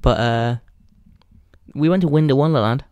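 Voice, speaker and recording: A man's voice: medium pitch, normal speed, darkish tone, clean tone, no room sound, highs cut off. A young English man hosting a podcast, talking in a crude, rambling comic monologue and laughing at his own jokes. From England. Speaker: podcast host. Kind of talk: casual comedic monologue.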